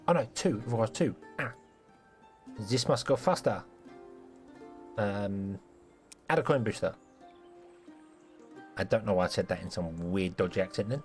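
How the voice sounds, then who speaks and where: A man with a lowish voice and darkish tone live-streams a building game, giving casual, self-mocking commentary and playfully scolding the characters in it.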